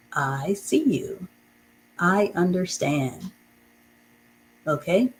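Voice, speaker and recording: A woman's voice: deep voice, a bit bright, a little hiss or hum, low-quality recording. A woman teaching a beginner reading lesson, patiently repeating and spelling out each word.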